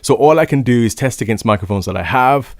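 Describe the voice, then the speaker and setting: Fast and animated, a young man with a mid-range, darkish voice rambles eagerly through a casual microphone review at home. He's right up on a large condenser studio mic, with no room sound at all.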